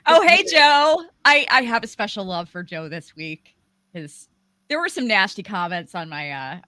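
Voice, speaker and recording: A woman's voice: mid-range voice, sing-song, normal speed, bright, forceful tone, no echo. A woman hosting a live aftershow stream, chatting casually with many fillers. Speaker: livestream host.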